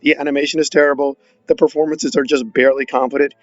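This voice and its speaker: A man's voice: on the high side, flat delivery, fast talker, dry recording, lo-fi sound, soft background music. A man giving a sarcastic, exasperated film review, mocking the movie as he goes. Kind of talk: opinionated film review monologue.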